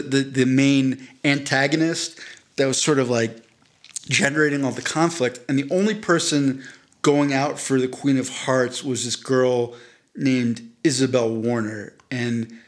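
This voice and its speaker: A man's voice: mid-range voice, a little slow. Rambling storytelling man on a podcast. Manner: rambling, self-deprecating, frequent restarts and fillers. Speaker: podcast co-host. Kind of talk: casual chat, storytelling.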